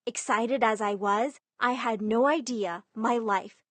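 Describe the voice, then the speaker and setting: A young woman narrating an animated drama story in the first person, putting on the voices of the other people in it. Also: a little high, unhurried, no echo. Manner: voices every figure in the story herself.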